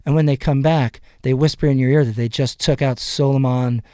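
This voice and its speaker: A man on a podcast, telling a story in a casual, animated way, acting out other people's lines and swearing freely. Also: medium pitch, fairly quick, no room sound, studio quality. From United States. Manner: animated, quotes others in raised voices, swears. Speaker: podcast guest.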